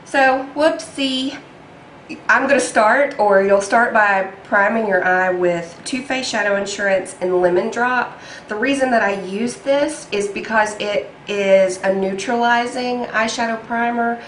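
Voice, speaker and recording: A woman's voice: mid-range voice, unhurried, echoey room, a little hiss or hum, poor audio. A young woman talking through a makeup tutorial in a chatty, self-deprecating way, with frequent ums. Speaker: beauty vlogger.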